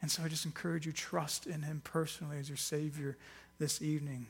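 A man's voice: a little high, little pitch movement, fairly quick, slightly rough. A man preaching a Good Friday sermon as pastor, earnest and emphatic, pressing harder on key phrases. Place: church hall. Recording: long reverb of a church hall.

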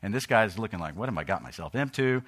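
A middle-aged man preaching a sermon, reading scripture slowly and forcefully, then dropping into a quiet, conversational story. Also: fairly low pitch, expressive. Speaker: pastor.

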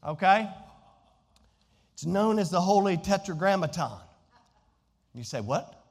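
A high, bright-pitched man with a Southern Virginia drawl preaches from the pulpit. He is animated and climbs to near-shouts when quoting scripture. His voice carries a long hall reverb around it. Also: unhurried. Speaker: pastor. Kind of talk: sermon.

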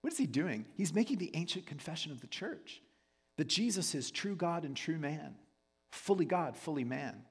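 A male pastor with a slightly high, husky voice preaches in a relaxed, conversational way, often stopping to check that his listeners follow. His words ring out with the long reverb of a large church hall. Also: moderate pace. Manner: conversational, asks the room "right?" often. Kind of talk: sermon.

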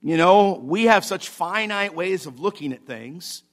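A man's voice: sits high, expressive, unhurried. A male pastor preaching a sermon in a church service, repeating key phrases for emphasis, checking in with the congregation, and building to fervent exclamations.

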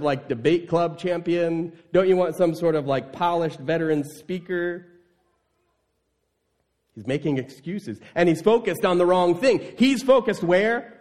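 A man's voice: fairly high pitch, animated, unhurried, a little mellow. A male pastor preaching a sermon in an emphatic, conversational way, often asking the congregation rhetorical questions.

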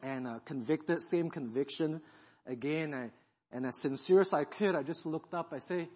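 A guest pastor, a man, giving an animated sermon testimony and acting out the thoughts he is retelling. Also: fairly high pitch, moderate pace, breathy edge. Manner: animated storytelling, acts out quoted thoughts. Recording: dull sound in a reverberant hall.

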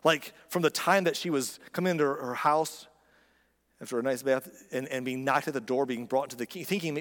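A man's voice: medium pitch, moderate pace, a bit bright, in a large hall. A man preaching a sermon in a conversational, emphatic way, full of rhetorical questions. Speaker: pastor.

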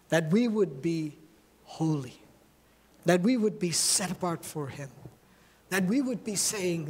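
A male pastor delivering an impassioned sermon, with a voice pitched a little above most men's. He drops to soft, low phrases, then lifts to raised lines and repeats words for emphasis.

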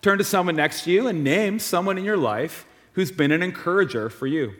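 A man's voice: high voice, expressive, a little fast, a bit bright. A man preaching a sermon as a pastor in a church, in a friendly, conversational manner with personal stories. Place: church sanctuary. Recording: long reverb of a church hall.

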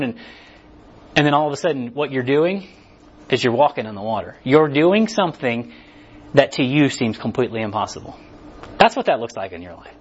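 A man's voice: mid-range voice, brisk, long pauses, husky, dull audio. A man preaching a casual, conversational sermon, acting out what people tell themselves. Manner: casual, animated, acts out inner voices.

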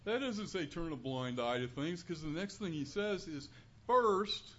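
A man giving an earnest, conversational sermon as a preacher in a church, building to louder emphasis on key points. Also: fairly high pitch, lively intonation, unhurried. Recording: dull lo-fi recording with faint room noise.

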